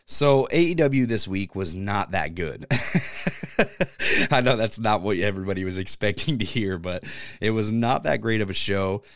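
A man's voice: fairly low pitch, animated, a little slow. A man hosting a podcast, chatting casually with lots of fillers and offhand swearing. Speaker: podcast host. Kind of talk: casual wrestling chat.

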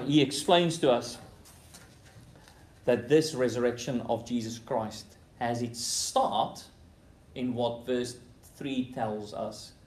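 A man preaching a sermon, swinging between loud emphatic bursts and quiet, low passages, repeating key phrases for emphasis. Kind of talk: expository sermon. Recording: roomy hall echo.

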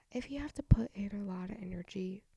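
Gravelly, mellow-voiced young woman rambling. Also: mid-range voice, normal speed, dry recording. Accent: slight southern twang. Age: 20s. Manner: rambling, lots of fillers and restarts, soft breathy delivery. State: voice going out. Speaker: podcast host. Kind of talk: casual solo podcast rant. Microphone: home microphone.

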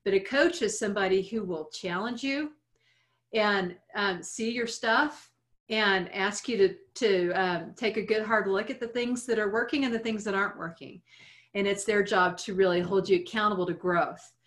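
A woman coach giving advice on a podcast, calm and explanatory, building her points around simple analogies. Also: medium pitch, normal speed. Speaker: coach answering listener questions.

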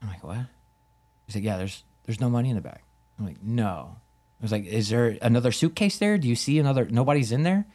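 A man in a relaxed podcast chat spins a story with real animation. He slips into the voices of the people he quotes and swears without a second thought. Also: mid-range voice, fast. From United States. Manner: animated, acts out quoted dialogue, swears casually. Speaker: podcast guest, Muay Thai fighter. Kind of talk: casual storytelling in conversation.

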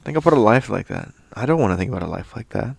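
Low, gravelly, laid-back bro. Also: male voice, lively intonation, quick pace, no room sound. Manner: laid-back, goofy, says bro a lot. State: intoxicated. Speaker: podcast co-host. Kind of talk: casual podcast chat.

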